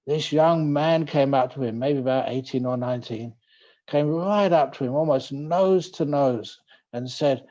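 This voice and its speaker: Mellow monk telling a story. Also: male voice, medium pitch, unhurried, muffled recording. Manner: relaxed, gently humorous storyteller. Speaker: Buddhist monk teacher. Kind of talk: dharma talk with storytelling. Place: retreat talk.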